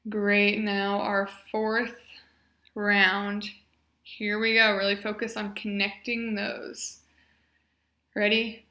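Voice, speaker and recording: A woman's voice: mid-range voice, completely flat delivery, sharp tone. A woman leading a guided voice exercise class, giving encouraging step-by-step instructions and modelling sounds for her group to copy. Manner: encouraging, slow and clearly paced instructions. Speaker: speech therapy exercise leader. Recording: echoey room.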